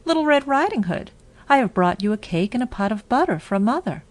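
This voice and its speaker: A woman voicing an innocent little girl in a storybook reading, with quick, eager lines. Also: fairly high pitch, very animated, no echo, pitched above the performer's own voice.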